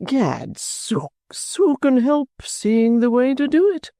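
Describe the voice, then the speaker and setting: A man's voice: extremely high pitch, wildly swooping pitch, dark tone, no room sound, clean studio sound, voice pushed up, exaggerated voice. A man voicing a pompous theatrical actor who drawls his words grandly. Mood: showy. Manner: slow, drawn-out, grandly theatrical.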